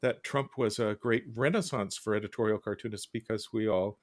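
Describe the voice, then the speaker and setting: A man's voice: on the low side, fairly quick, no room sound. Male host on a dry close mic. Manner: describes cartoons aloud, quoting characters with little voices. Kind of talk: casual panel chat.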